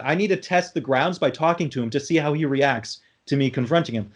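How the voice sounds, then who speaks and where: Young guy rambling thru a story on a podcast, kinda high voice, swears a lot. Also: fast. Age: young adult. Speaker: podcast host. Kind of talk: casual chat.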